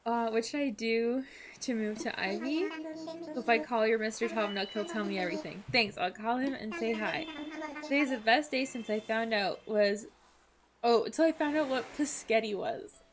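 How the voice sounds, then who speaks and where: A woman's voice: a little high, moderate pace, a crowd in the background, voice pushed down, natural voice. A woman reading as a sweet lazy elephant villager. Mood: friendly. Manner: reads game dialogue aloud in her own gentle voice. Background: game music.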